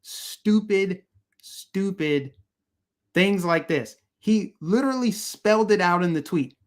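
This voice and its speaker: A man's voice: high-pitched, animated, slow. A man hosting political commentary on a live stream, ranting in a heated, emphatic, repetitive way and answering his chat.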